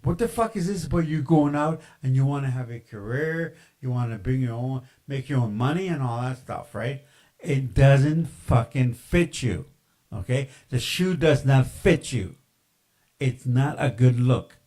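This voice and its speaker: A man's voice: medium pitch, unhurried, mellow. A man lecturing in a profane, ranting podcast monologue, full of fillers and insults.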